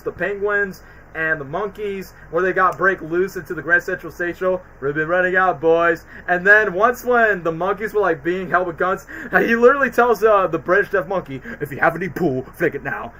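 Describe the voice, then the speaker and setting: A man streaming, chatting casually and rambling excitedly in slangy, loose sentences. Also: sits high, low-quality recording. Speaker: streamer reviewing movies. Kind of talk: casual livestream chat.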